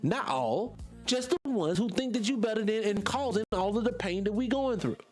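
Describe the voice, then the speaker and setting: A man's voice: sits high, expressive, normal speed, faint music behind. A man from North Carolina, hosting a casual livestream and answering viewer comments in a rambling, heated, emphatic way. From North Carolina, USA. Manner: rambling, heated and emphatic, loses his train of thought. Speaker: livestream host.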